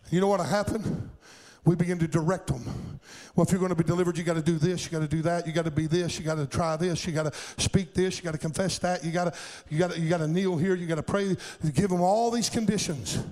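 A middle-aged male pastor preaching a sermon, calling out to the congregation and building up to shouts at his high points. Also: steady tone, brisk, low-quality recording. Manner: preaching with call-and-response cries, rising to shouts.

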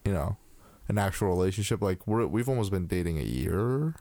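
A man's voice: low-pitched, animated, a little fast, mellow, no echo. A young man co-hosting a podcast, chatting casually and rambling with restarts and swearing. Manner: rambling, swears freely, many restarts and fillers. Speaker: podcast co-host.

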